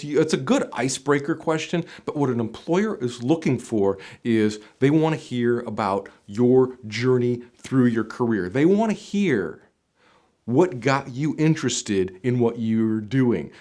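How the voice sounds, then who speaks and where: A man hosting a job interview tips video, talking straight to the viewer in an emphatic coaching manner that swings between punchy lines and quieter asides. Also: mid-range voice. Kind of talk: direct-to-camera instructional talk.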